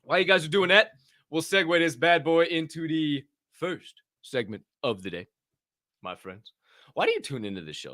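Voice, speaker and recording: A young man hosting a livestream podcast, loud and joking, swearing freely and laughing at himself. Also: on the high side, animated, normal speed, no room sound, studio quality. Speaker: podcast host. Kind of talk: loose, profane livestream chat.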